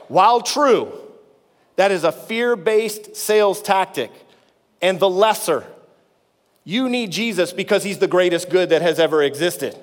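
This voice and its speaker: A man preaching in a fairly high voice, talking to the congregation like a conversation. He sinks low and soft for the comforting lines. The sound carries a long reverb from a large hall. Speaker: pastor. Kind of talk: sermon.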